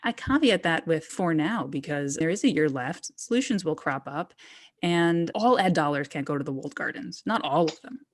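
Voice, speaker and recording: A woman's voice: sits low, lively intonation, moderate pace, no room sound. A woman guest on an interview podcast, talking candidly and casually, loose with slang. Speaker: guest, trade journalist.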